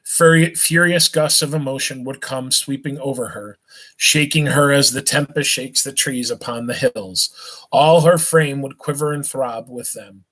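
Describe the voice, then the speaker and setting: A man reading a novel aloud on a live stream, at an unhurried pace, stumbling and restarting now and then and stopping for small asides to his listeners. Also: medium pitch, a bit bright, low-quality recording. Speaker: reader.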